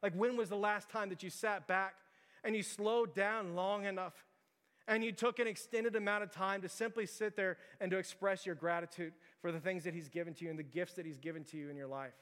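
A pastor preaching a sermon in a church, talking informally with lots of fillers and pressing questions to the congregation. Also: male voice, sits high, fairly even intonation, brisk, fairly bright tone. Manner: informal, filler-heavy storytelling with direct challenges. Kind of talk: conversational sermon. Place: church sanctuary. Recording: reverberant church hall.

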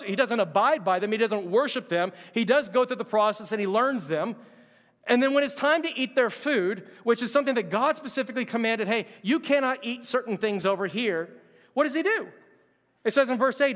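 This pastor, a man with a high voice, gives a relaxed, conversational sermon and performs the quotes he reads aloud. A long reverb suggests a large hall.

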